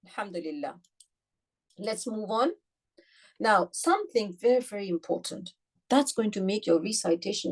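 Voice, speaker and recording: Woman, recitation teacher, patient online lesson, drawn-out demonstration sounds, quizzes her students, mid-pitched voice. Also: darkish tone. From United Kingdom. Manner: patient, demonstrates sounds slowly and repeats them; addresses students directly with questions.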